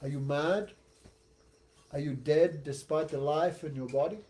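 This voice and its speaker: A man's voice: a little high, steady tone, unhurried, natural voice. Man playing a haughty, furious king. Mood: angry. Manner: sarcastic, then shouting threats. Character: arrogant, hot-tempered male king.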